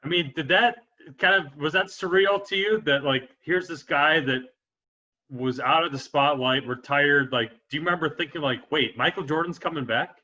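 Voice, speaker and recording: A man hosts a podcast interview with a bright, slightly high voice. He asks halting questions, padding them with filler words. His audio comes through muffled and lo-fi. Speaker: podcast host.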